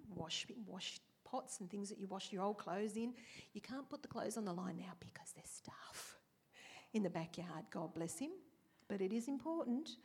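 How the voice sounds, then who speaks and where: A woman's voice: mid-range voice, a little mellow, breathy edge. A woman preaching a conversational sermon, telling stories and asking the congregation questions. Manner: chatty, asks the congregation questions, acts out quotes.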